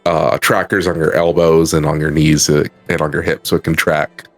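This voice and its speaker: Man, very deep voice, matter-of-fact, casual explainer, faint background music. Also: little pitch movement, normal speed. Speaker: guest on a stream. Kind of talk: casual chat.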